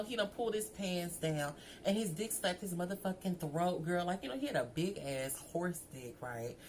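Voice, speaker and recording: A young woman vlogger telling a storytime to her viewers in a sassy, animated way, often calling the listener "girl". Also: on the low side, slight background noise.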